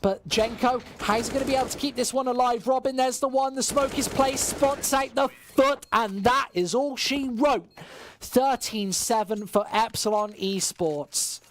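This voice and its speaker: A caster giving live play-by-play commentary on a match, rising in bursts of excitement over the big plays. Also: mid-range voice, moderate pace, a little hiss or hum. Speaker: esports caster.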